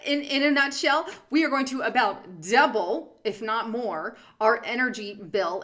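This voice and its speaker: Young woman vlogger ranting sarcastically over docs on screen, kinda high bright voice. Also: unhurried, hardly any pauses. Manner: sarcastic, emphatic, with fillers and slips. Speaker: political commentary vlogger. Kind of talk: reading and commenting on documents on screen.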